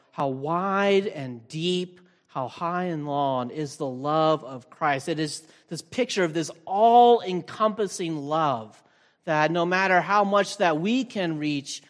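Pastor preaching in a reverberant hall. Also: male voice, fairly high pitch. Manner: relaxed, thinking aloud with frequent fillers and restarts. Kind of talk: conversational sermon. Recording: long reverb from a large hall.

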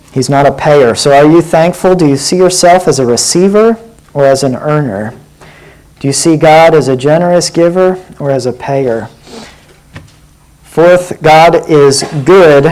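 A man's voice: mid-range voice, darkish tone, low-quality recording. A man preaching a sermon in an earnest way, often putting direct questions to his listeners.

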